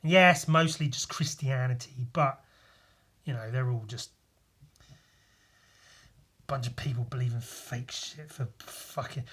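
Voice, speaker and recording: A man's voice: mid-range voice, steady tone, unhurried, long pauses, a bit bright, breathy edge. A man hosting a solo podcast, congested, rambling casually with a lot of swearing and self-mockery. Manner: rambling, profane, self-mocking. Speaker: podcast host.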